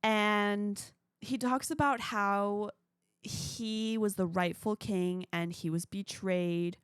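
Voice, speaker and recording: A woman's voice: mid-range voice, fairly even intonation, slow pace, clear, resonant tone, no room sound, clean studio sound. A young woman hosting a casual solo podcast, chatting with gushing fan enthusiasm. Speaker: podcast host.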